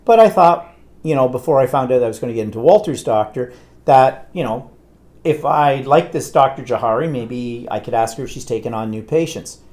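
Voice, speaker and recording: A man's voice: medium pitch, brisk, a little mellow. A man, co-hosting a live talk show and telling a long, exasperated anecdote in casual chat. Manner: rambling anecdotal storyteller, exasperated. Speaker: co-host.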